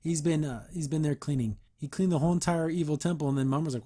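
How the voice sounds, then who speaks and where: A man's voice: fairly high pitch, quick pace, mellow, husky. A male podcast host giving a casual recap of a cartoon episode, breaking in with mocking, disbelieving asides. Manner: mocking, incredulous asides with chuckles.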